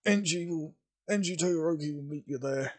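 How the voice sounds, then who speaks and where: A man's voice: a little high, a little fast, lightly acted. A man voicing a dying middle-aged father pilot who stammers and coughs weakly as he pleads with his son. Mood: dying, pleading.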